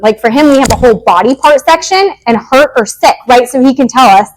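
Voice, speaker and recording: A woman in her thirties, a behavior analyst, giving a casual, animated workshop talk to parents in a meeting room and acting out quoted lines. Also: high-pitched, fairly quick, hardly any pauses, rough recording. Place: meeting room with a live audience.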